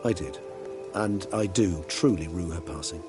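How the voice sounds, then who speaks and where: A man's voice: low-pitched, normal speed, close to an everyday voice. An actor playing a refined, ironic male vampire in a video game, with eloquent, theatrical phrasing. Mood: sardonic. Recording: game audio with music underneath. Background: music.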